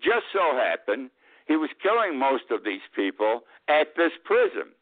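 A man's voice: medium pitch, big pitch swings, a little slow, dry recording. An older man hosting a talk radio show, giving a rambling, folksy, opinionated monologue full of restarts. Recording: tinny phone-like radio line.

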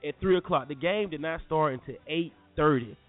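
A young man from North Carolina, animated and slangy, telling a story to listeners as a podcast host. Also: fairly high pitch, a little fast. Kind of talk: casual storytelling. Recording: phone-like lo-fi audio with faint music.

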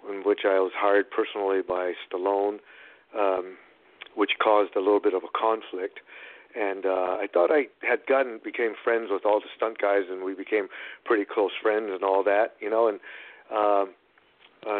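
A middle-aged man, an actor and producer, retelling his story in an animated, rambling way with many restarts. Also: fairly low pitch, no echo. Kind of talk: storytelling in a phone-in interview. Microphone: phone line. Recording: phone-line radio call-in.

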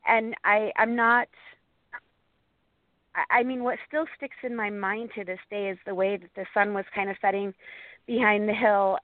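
An earnest woman from Montana, a Bigfoot researcher and author, tells stories as an interview guest over a tinny phone line. Her medium-pitched voice is steady with no echo, but her telling is halting, with many restarts.

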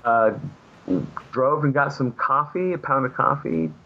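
A man's voice: medium pitch, a little slow. A man, a comic book artist, telling long anecdotes in a casual interview, with lots of fillers and restarts. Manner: rambling anecdotes with many fillers. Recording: muffled lo-fi audio.

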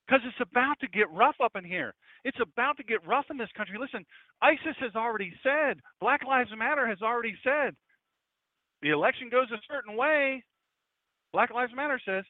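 A man's voice: high-pitched, big pitch swings, normal speed, no echo. A pastor in his fifties preaching a fiery sermon, emphatic and hammering points home by repeating phrases. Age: 50s. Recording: dry, tinny phone-like audio.

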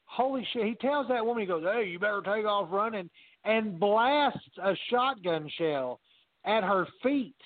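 Guy with a high voice cussing through podcast banter, tinny phone-like sound. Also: normal speed, no room sound. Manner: animated, swears freely, quotes others in voices. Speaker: podcast co-host. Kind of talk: casual profane chat. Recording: dry, phone-like narrow sound.

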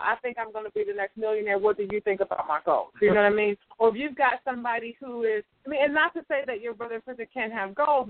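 This woman, with a fairly high-pitched voice, co-hosts a motivational talk show and speaks emphatically, saying "absolutely" again and again. The audio is dry phone-line sound with no echo.

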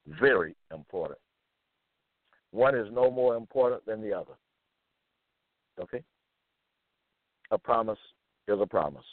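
Slow man preaching over a tinny line. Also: lowish voice, no room sound. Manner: slow, repeats phrases, reads verses aloud with fillers. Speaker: self-styled preacher. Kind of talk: scripture reading and commentary.

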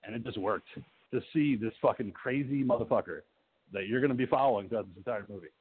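A man's voice: mid-range voice, fast, husky. A man co-hosting a podcast, animatedly retelling movie scenes and acting out the characters' lines. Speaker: podcast co-host. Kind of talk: casual movie recap. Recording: tinny phone-like line with faint hiss.

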